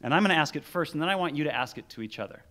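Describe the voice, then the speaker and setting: Projecting to the crowd in a church sanctuary, a youth minister delivers an earnest, playful address to young people. His voice is on the high side, bright and forceful, with lively intonation and a rapid-fire delivery.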